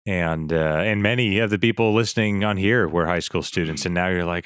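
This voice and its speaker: A man's voice: low voice, a little fast, few pauses, a bit bright, clear, resonant tone, dry recording, studio quality. A man hosting a podcast interview, chatting casually with upbeat short reactions. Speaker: podcast host.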